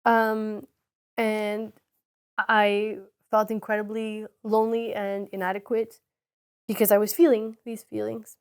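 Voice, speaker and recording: Slow, reflective woman podcast co-host. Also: mid-range voice, completely flat delivery, a little mellow, smooth. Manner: slow, reflective, hesitant with many ums. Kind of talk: casual personal storytelling.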